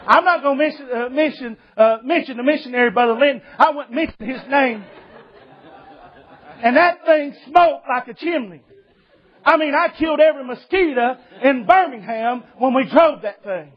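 A man preaching a sermon testimony, telling a lively story and acting out the voices of the people in it. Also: very high-pitched, moderate pace, husky, muffled recording.

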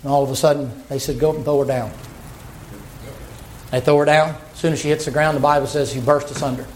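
A man preaching a sermon, retelling a scripture story in a folksy, animated way with playful asides. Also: on the high side, very fast, background noise.

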